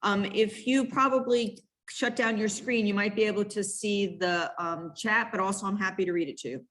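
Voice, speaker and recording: A woman's voice: mid-range voice, fairly even intonation, normal speed, a bit bright. A woman moderating a virtual session, encouraging the presenter and passing on questions. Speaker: event moderator. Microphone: video call.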